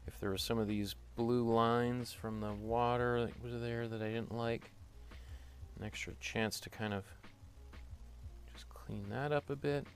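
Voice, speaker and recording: A man's voice: mid-range voice, steady tone, unhurried, soft background music. A man with a Canadian accent teaching a painting class, thinking aloud while he works, with many fillers and restarts. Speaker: art teacher.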